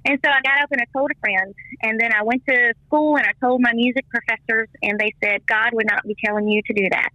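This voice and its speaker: A woman's voice: quick pace, few pauses, dry recording, low-quality recording. A middle-aged woman, a former missionary and teacher, telling her faith story in an interview and acting out the voices she quotes. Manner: lively storyteller, acts out quoted voices with big pitch jumps. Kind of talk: personal faith story told in conversation.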